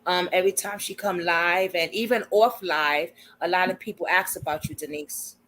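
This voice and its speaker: A woman's voice: fairly low pitch, steady tone, moderate pace, a bit bright, rough recording. A woman hosting a casual livestream, chatty and informal, laughing often as she talks. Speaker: livestream host.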